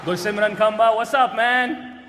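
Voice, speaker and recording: A man doing a stand-up roast set, brash and often shouting his punchlines on a stage mic. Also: high voice, a little slow. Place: large hall with a live audience. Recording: echoey hall, loud crowd and noise.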